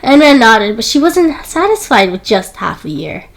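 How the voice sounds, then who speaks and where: High-voiced woman reading a story aloud. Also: very animated, moderate pace, rough recording. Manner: lifts her voice higher for quoted characters. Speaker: audiobook narrator. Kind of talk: scripted narration.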